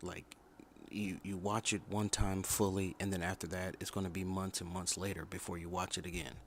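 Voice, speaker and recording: A man's voice: deep voice, little pitch movement, normal speed, a little hiss or hum. A man hosting a casual livestream review, giving blunt opinions and repeating points for emphasis. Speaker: livestream host reviewing a TV show.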